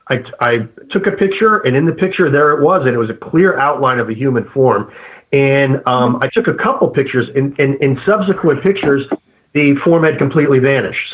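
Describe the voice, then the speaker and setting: A male guest paranormal investigator in a casual interview, speaking haltingly with many fillers and restarts. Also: mid-range voice. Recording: phone-like narrow sound.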